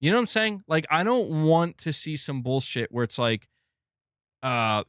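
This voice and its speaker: A man's voice: a little high, moderate pace, a bit bright, smooth, no echo, clean studio sound. A man hosting a gaming news stream, ranting casually and with exasperation, swearing and rambling.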